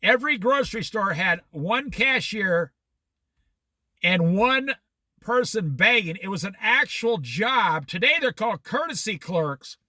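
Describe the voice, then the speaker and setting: A man's voice: high voice, pushed and bright, dry recording. A middle-aged American man telling rambling personal stories in a casual monologue. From United States. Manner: rambling, anecdotal, with restarts and quoted dialogue.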